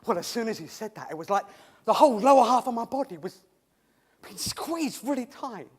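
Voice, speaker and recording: Man acting a cheerful once-lame man, high voice, stammering, chuckling, comic monologue. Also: animated, brisk, slightly rough, full character voice. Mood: chatty, comic. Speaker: actor in a monologue.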